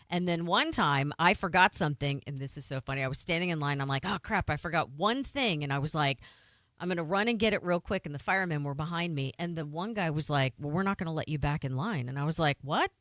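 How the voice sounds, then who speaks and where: A woman's voice: lowish voice, fairly bright tone, dry recording, clean studio sound. An American woman co-hosting a radio show, chatting and telling playful stories. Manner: chatty, quick, playful storyteller. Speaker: radio co-host. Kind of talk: casual radio chat.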